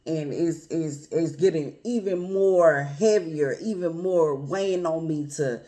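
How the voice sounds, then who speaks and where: A woman's voice: low-pitched, unhurried. Woman venting to her followers, earnest, kinda emotional, calls everyone y'all. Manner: earnest, addresses viewers as y'all and family; grows quiet and emotional. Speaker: vlogger. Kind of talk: heartfelt personal talk to camera.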